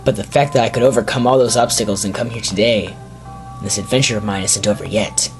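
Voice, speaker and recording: A man's voice: on the low side, fairly even intonation, fast talker, close to an everyday voice, poor audio. A man voicing an earnest young male colt Pokemon, reading its message in a solemn, heartfelt way over game music.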